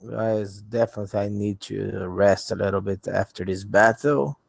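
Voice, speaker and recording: A man speaking as a player in a tabletop game, halting and a bit unsure. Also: lowish voice, steady tone, gravelly, breathy edge, no room sound. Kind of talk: casual tabletop play.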